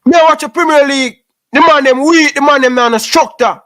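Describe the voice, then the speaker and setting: A man's voice: extremely high pitch, a little fast, sharp tone. A Jamaican man giving an impassioned, preachy rant in patois, scolding young footballers and repeating his points.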